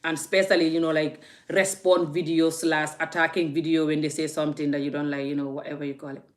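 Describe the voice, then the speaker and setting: A woman's voice: deep voice, flat delivery, fast. A woman vlogging into her phone, emphatic and laughing, often repeating her words. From Gambia. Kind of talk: casual ranting vlog.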